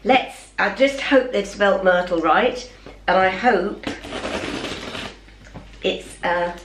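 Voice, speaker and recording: A woman's voice: mid-range voice, takes it slowly, background noise. A middle-aged woman chatting in a home vlog, talking to her dog while she unboxes parcels and keeps exclaiming. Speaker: vlogger. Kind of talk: casual vlog. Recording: roomy, from a distance.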